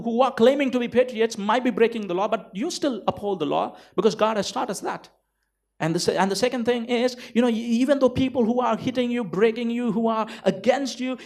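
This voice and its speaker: A man's voice: extremely high pitch, creaky, darkish tone. A man preaching a sermon, emphatic, constantly asking the congregation rhetorical questions and leaning on "you know" and "right?". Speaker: pastor.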